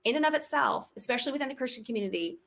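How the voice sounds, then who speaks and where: Podcast guest: woman, crisp bright tone, lively storyteller who restarts a lot. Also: on the high side, racing. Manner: animated storyteller, many restarts. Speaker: guest, homeschool mom and author. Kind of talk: candid storytelling in a podcast interview.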